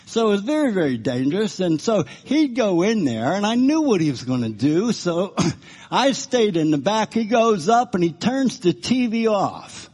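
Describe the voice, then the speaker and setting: Husky man telling a sermon testimony. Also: sits high, moderate pace. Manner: storytelling, by turns animated and subdued. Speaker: preacher sharing his testimony.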